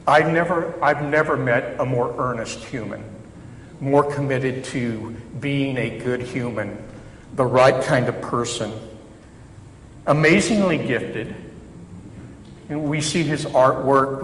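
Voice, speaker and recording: A man preaching a sermon, talking to his congregation in a loose, conversational way and mixing quiet reflection with jokes at his own expense. His voice sits at an ordinary middle pitch. It rings through a large, reverberant sanctuary over a faint background hiss. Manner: conversational and reflective, with self-deprecating humor. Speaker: chaplain preaching. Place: church sanctuary. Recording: echoey hall reverb, faint background noise.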